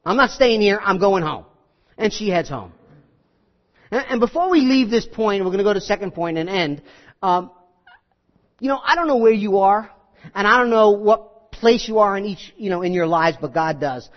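A man's voice: high voice, animated, normal speed, highs cut off. A middle-aged male pastor preaching a conversational sermon and acting out the scenes he tells.

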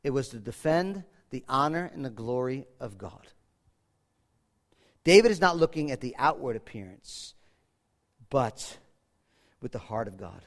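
A man preaching a sermon in a church, animated and dramatic, swinging from loud to hushed. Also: medium pitch, measured pace, long pauses. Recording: echoey hall reverb.

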